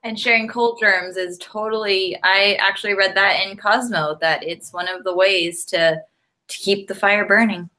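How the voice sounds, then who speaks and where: A woman's voice: medium pitch, steady tone, moderate pace, sharp tone. A woman co-hosting a podcast, chatting casually with frequent laughs and "like" fillers. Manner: giggly, lots of "like" fillers. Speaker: podcast co-host. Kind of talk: casual chat.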